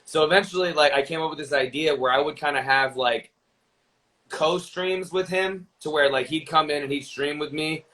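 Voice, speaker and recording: A man's voice: fairly high pitch, moderate pace, sharp tone, low-quality recording. A young man, a gaming streamer, talking casually as a podcast guest, rambling with lots of fillers and restarts.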